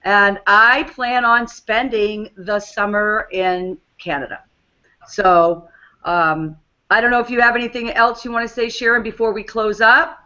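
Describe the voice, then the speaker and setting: A woman's voice: medium pitch, steady tone, unhurried, pushed and bright. Upbeat New England woman hosting a team call, slightly dull sound. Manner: upbeat and encouraging. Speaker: host.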